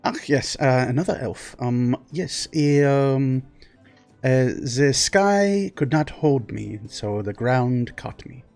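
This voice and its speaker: A man putting on a stiff, armored stranger in a tabletop game, talking slowly and formally with odd grammar, soft music in the back. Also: medium pitch. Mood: calm. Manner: halting, formal, broken grammar.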